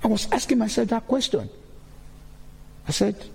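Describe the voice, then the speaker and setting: A man's voice: high-pitched, a little fast, gravelly, pauses often, darkish tone, breathy edge, in a large hall. A man giving a sermon-style testimony in a church, repeating key phrases as he preaches.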